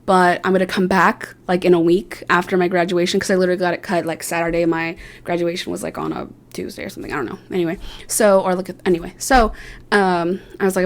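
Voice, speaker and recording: A young woman vlogger telling a casual, rambling story about herself, chatty and self-mocking, with lots of fillers and quoted asides. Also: on the low side. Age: young adult.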